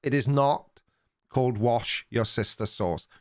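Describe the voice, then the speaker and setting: A man's voice: medium pitch, measured pace, darkish tone. An older man with a Welsh accent, hosting a live stream and chatting casually with viewers in a rambling, teasing way. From Wales. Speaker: livestream host reading chat.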